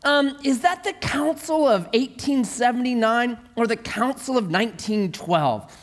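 A prying, eager rescuer with a high, chirpy voice, put on by a man telling a joke. His questions leap up and down in pitch. He sounds delighted at each answer. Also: lively intonation, a little slow. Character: eager nosy male rescuer, prying and picky.

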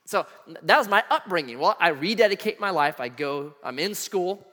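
Preaching a sermon in a high voice with a long reverb tail, a pastor tells personal stories. He's an animated storyteller who acts out the voices of the people in them.

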